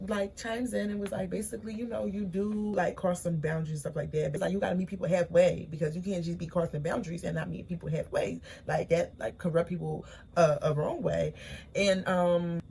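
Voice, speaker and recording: A woman's voice: fairly low pitch, vocal fry, a little mellow, slight background noise. A young woman, recapping a reality show in chatty, opinionated slang, tired late at night. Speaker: recap vlogger.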